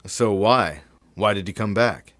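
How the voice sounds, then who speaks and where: A man's voice: lowish voice, measured pace, fairly bright tone, dry recording. A man playing an anxious, baffled man in his thirties. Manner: anxious, questioning. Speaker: younger self. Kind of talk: audio drama acting.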